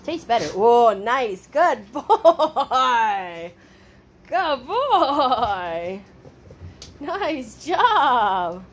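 High, lilting woman cooing at puppies. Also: big pitch swings, drawn-out words. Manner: playful sing-song baby talk, cheering and praising. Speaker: dog breeder filming her puppies. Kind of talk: casual talk to puppies while filming. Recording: noisy room with puppies.

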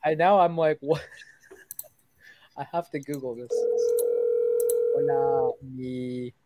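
A young woman hosting a casual live stream, excitable and jokey, swearing freely and teasing herself. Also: sits low, a little slow, muffled recording. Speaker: streaming host making sales calls.

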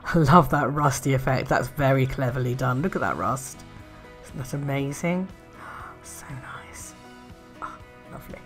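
A woman chatting casually in a craft haul video, gushing with soft admiring murmurs and little laughs. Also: very deep voice. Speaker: art and craft vlogger.

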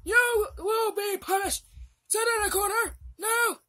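A woman playing a bossy, toothless old grandfather who scolds loudly. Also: very high voice, measured pace, exaggerated voice. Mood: scolding. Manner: scolding, shouty.

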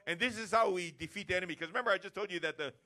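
Man, pastor, sermon, higher-pitched, energetic, forceful. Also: rapid-fire. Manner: energetic preaching, acting out everyday chats. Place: church service.

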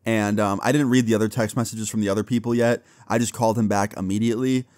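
A young man casually telling a personal story to his viewers, acting out the dialogue in an animated way and swearing now and then. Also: on the low side, fast talker, no room sound. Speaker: storytime vlogger.

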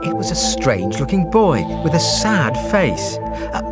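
A man narrating a children's story in an animated, expressive way. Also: a little high, moderate pace. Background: music.

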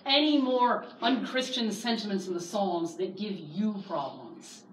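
A woman's voice: mid-range voice, unhurried. Woman teaching Bible class in an echoey room. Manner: lively, acts out quoted voices. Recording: echoey room, distant mic, faint hiss.

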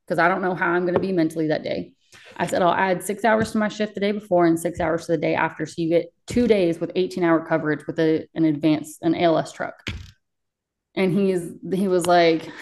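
A young woman with a fairly low voice tells her story in a candid interview. She talks bluntly and emotionally, swearing freely as she describes her work as a paramedic. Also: fairly even intonation, a little fast, darkish tone. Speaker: paramedic guest.

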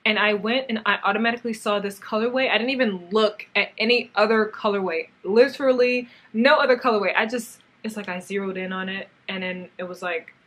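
A young woman casually chatting in a crafts vlog, gushing and excitable as she shows off yarn and talks to it and her viewers. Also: mid-range voice, fairly quick, few pauses. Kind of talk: casual haul vlog chat.

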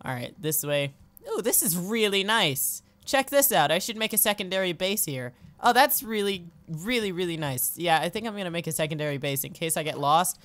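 A young adult let's play host giving goofy, excitable commentary over gameplay, often breaking into squeals. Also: medium pitch, fairly quick, dry recording.

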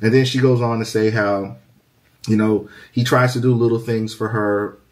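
A man with a fairly low voice tells a story in a calm and steady way. His delivery is plain and measured, and he tells it like a relaxed recounting. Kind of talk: retelling a story.

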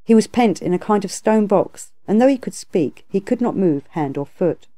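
A woman narrating a classic tale as an audiobook reader, in a steady, even reading. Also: mid-range voice, normal speed. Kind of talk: scripted storybook narration.

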